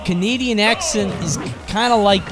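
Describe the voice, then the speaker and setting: An Australian man commentating a video game match in a casual, excitable way with bursts of laughter. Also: high voice, normal speed. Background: game music.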